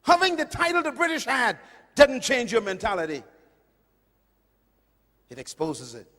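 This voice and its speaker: Man, middle-aged, caribbean-raised preacher, high voice, emphatic swings from loud to hushed, long hall echo. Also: wildly swooping pitch, a little slow. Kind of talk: sermon.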